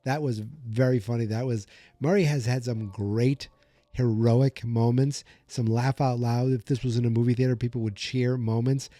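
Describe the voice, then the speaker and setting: A man's voice: medium pitch, steady tone, moderate pace, dark tone, no room sound. A man hosting a podcast, recapping an episode in a chatty, rambling way and correcting himself as he goes. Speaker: podcast host. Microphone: desk microphone.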